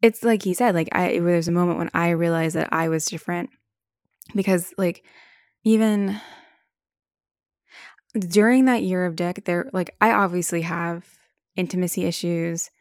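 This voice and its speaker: A woman's voice: on the low side, fairly even intonation, normal speed, long pauses, no room sound, clean studio sound. A young woman hosting a podcast, talking frankly in a casual monologue, swearing and filling her speech with "like". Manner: frank, swears freely, many "like" fillers. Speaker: podcast host.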